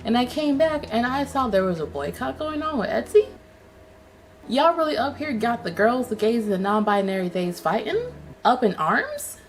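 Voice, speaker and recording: A young woman hosting a casual online chat show, sassy and profane, telling a story with animated swings in her voice. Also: a little high, normal speed. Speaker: YouTube host.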